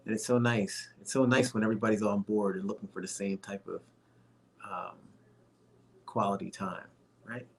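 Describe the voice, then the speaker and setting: A man's voice: lowish voice, level tone, normal speed, creaky, pauses often. Chatty man hosting a livestream. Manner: rambling, chatty, many fillers and restarts; friendly, addresses viewers as folks. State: a little winded and tired. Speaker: livestream host. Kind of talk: casual livestream chat.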